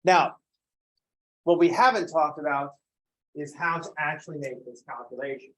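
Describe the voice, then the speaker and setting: A man's voice: on the high side, normal speed, a bit bright, slight background noise. Wry, joking man giving a math lecture. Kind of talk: classroom lecture. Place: classroom.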